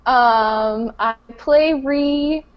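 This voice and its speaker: A woman's voice: sits high, very slow. A woman player introducing herself in a tabletop game stream, easygoing and self-deprecating, on a dull lo-fi mic.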